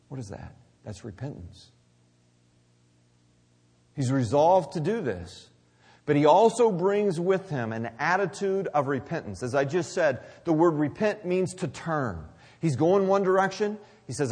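A man with a husky voice preaches a sermon in a church sanctuary. His delivery swings between loud emphasis and quiet, near-whispered asides. A long reverb from the hall trails every phrase. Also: medium pitch, lively intonation, normal speed. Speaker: pastor.

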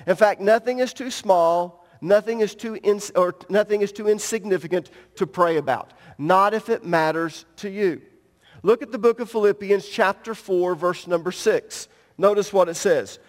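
A man's voice: high-pitched, measured pace. A middle-aged man preaching as a pastor, talking directly and emphatically to his congregation. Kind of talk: sermon. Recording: long reverb in a church hall.

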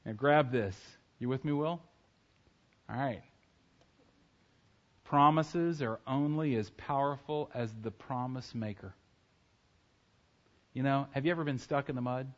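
A man preaching a sermon in church, talking casually and joking with the congregation, now and then breaking into loud acted shouts. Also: medium pitch, unhurried, long pauses, dull audio. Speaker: pastor. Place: church sanctuary.

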